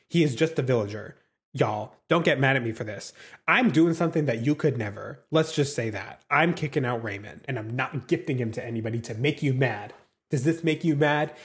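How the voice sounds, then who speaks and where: A man giving casual gameplay commentary as a gaming YouTuber, excitable and chatty, swearing freely and talking straight to his viewers. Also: medium pitch.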